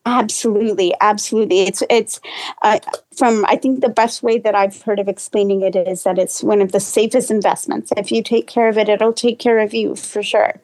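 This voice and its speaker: A woman's voice: mid-range voice, steady tone, fairly quick, darkish tone, poor audio. A woman real estate agent, a podcast guest, giving earnest advice to homebuyers in casual chat, with many "you know" restarts.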